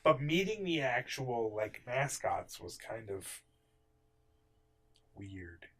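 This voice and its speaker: A man's voice: mid-range voice, very animated, slow, fairly bright tone. A man in casual podcast chat who jokes, swears and laughs often. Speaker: podcast co-host.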